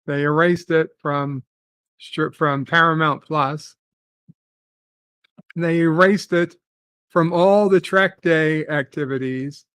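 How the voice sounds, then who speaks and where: A man hosting a casual live stream, reading viewer comments aloud and musing in halting, repeated phrases with lots of fillers. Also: fairly high pitch, steady tone, fairly bright tone, clean tone, no echo. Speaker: host reading chat.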